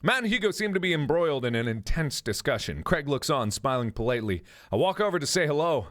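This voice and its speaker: Animated man reading a game aloud. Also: a little high, fast talker, few pauses. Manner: animated, jokey, self-questioning. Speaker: gaming video host. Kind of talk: let's play commentary, reading game dialogue aloud.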